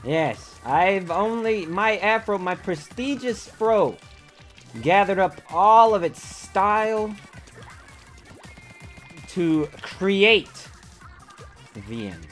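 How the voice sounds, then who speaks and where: A theatrical man commentating his own live game stream. His pitch leaps around a great deal, dropping to mumbles and then jumping into mock-dramatic yells. Faint background music plays under his voice. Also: lively intonation, extremely slow, long pauses. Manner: theatrical, swings from mumbling to yelling.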